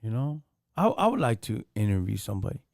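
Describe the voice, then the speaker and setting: Animated man, dry sound. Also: on the low side, fast, gravelly, dry recording. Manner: animated, street-slang, fires rhetorical questions. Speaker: live stream host. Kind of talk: casual live stream talk.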